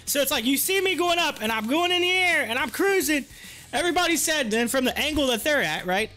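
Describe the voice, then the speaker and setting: A man hosting a livestream, telling a story in animated casual chat, laughing often and acting out what people said. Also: extremely high pitch, brisk, faint music behind. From rural area. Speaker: livestream host.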